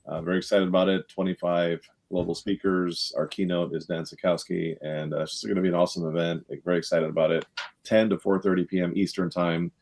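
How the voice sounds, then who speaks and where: A man's voice: low-pitched, flat delivery, fast talker, creaky, a little mellow. A man co-hosting a live online talk, upbeat and motivational, with frequent fillers. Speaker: co-host, event organizer. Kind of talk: casual live video-call chat.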